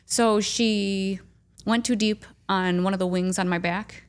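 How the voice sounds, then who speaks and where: A woman's voice: mid-range voice, fairly even intonation, unhurried, clean tone. A woman with a Midwestern American accent co-hosting a podcast, chatty and self-deprecating as she tells stories. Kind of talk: casual podcast conversation.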